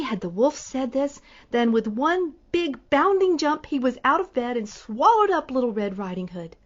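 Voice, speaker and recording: A woman narrating a fairy tale in a clear, measured storybook read-aloud. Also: high-pitched, sing-song, lo-fi sound.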